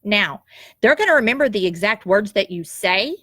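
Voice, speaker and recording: A woman's voice: medium pitch, animated, normal speed, bright, forceful tone, no echo, clean studio sound. A woman, telling a personal story in an emotional, heartfelt and reflective way, tearful at times. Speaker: nurse sharing a personal story.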